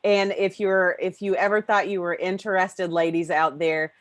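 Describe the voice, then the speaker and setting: Lower-voiced woman hosting a podcast. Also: little pitch movement, moderate pace, no room sound. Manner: effusive, rambling, swears casually. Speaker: podcast host. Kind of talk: casual podcast chat.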